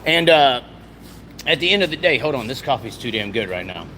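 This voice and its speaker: Fresh out of bed and clearing his throat, this Southern American man gives loose, rambling race commentary full of repetition and homespun slang. His pitch is medium and his delivery very animated and brisk, with noise in the background.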